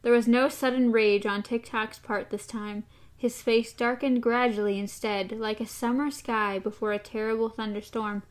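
A woman's voice: on the high side, fairly even intonation, normal speed. A woman reading a novel aloud expressively and chatting about it with a co-host. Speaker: reader and co-host.

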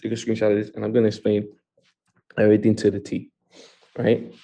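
Gravelly, flat-toned man hosting a live call. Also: fairly low pitch, a little fast. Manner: upbeat, repeats words for emphasis. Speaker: host leading an online training call. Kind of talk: live online training talk. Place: a home in California.

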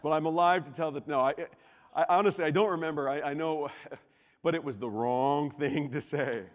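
A man's voice: on the high side, moderate pace. Man preaching with big swings in volume. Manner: animated storytelling, swinging from loud to hushed. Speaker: pastor. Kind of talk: sermon. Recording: long hall reverb.

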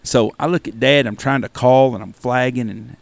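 A man hosting a podcast, telling a long hunting anecdote in a profane, animated, casual way. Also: mid-range voice, moderate pace, gravelly, no room sound. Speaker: podcast host. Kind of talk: casual storytelling.

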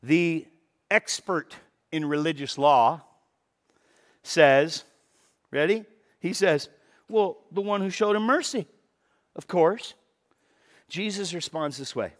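A male pastor preaching a sermon with animated delivery, dropping to hushed tones and rising to loud emphatic bursts, often repeating words for emphasis. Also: fairly high pitch, slow pace, long pauses. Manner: repeats words for emphasis, breaks into quoted dialogue.

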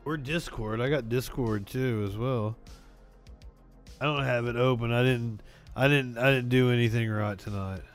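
A man's voice: mid-range voice, normal speed, soft background music. A man co-hosting a late-night comedy talk stream, bantering casually with self-deprecating, stammering restarts. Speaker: co-host. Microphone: lighter held as a prop mic.

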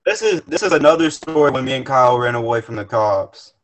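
A man's voice: mid-range voice, lively intonation, a little fast. A young man, a podcast guest, telling a profane, rambling story in casual chat with many restarts. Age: young adult.

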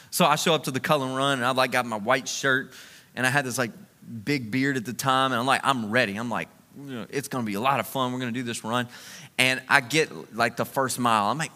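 A man preaching a sermon, moving from a relaxed, joking personal story into emphatic preaching. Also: mid-range voice, quick pace, big-room sound.

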